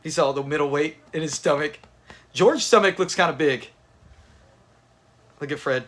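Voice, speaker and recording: A man's voice: fairly high pitch, brisk, a bit bright. A man hosting a live watch party, chatting with his viewers and laughing often as he reacts to a sitcom episode. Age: adult with kids. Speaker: livestream host.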